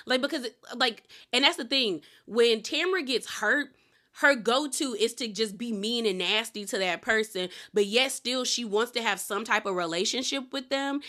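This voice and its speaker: A young adult woman recaps a reality TV episode in a relaxed, chatty way, offering strong opinions and quoting lines as she retells scenes, never sounding stiff or scripted. Her voice is bright, forward, and a little high.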